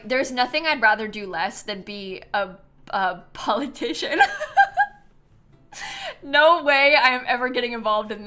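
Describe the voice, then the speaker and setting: A woman's voice: fairly high pitch, bright, forceful tone. A young woman streamer chatting casually while playing a game, tired and yawning, with lots of ums and likes and frequent laughs. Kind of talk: casual live-stream gameplay chat.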